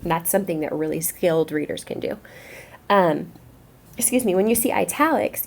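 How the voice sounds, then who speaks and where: A woman teacher speaking to young students, explaining a reading lesson in a clear, encouraging classroom way. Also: lowish voice, fairly quick, warm tone.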